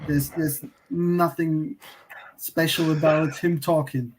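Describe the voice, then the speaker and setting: A man from Germany chats casually on a fan livestream, pitched a little high and taking his time. He talks in an animated way and repeats his points for emphasis. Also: takes it slowly, a little hiss or hum, rough recording. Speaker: co-host.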